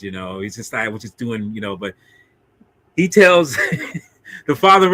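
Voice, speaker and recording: With a mid-range, slightly bright voice and a sing-song lilt, a man talks a little slowly and leaves long pauses, recorded without echo. As co-host of a film discussion video, he casually recaps an old monster movie, laughing a lot and voicing the characters in mock impressions.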